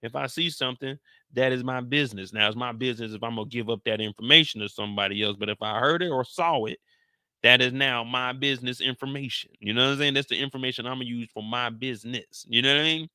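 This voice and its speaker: A man casually recapping a TV drama episode in a boastful, animated, slangy way. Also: mid-range voice, fast talker, clear, resonant tone, dry recording, studio quality. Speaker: YouTube show recapper.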